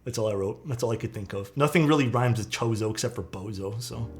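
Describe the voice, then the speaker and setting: A man streaming live, chatting casually and telling a story in a loose, profane, animated way. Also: on the low side, fast talker, faint music behind. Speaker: streamer building keyboards. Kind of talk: casual livestream chat and storytelling.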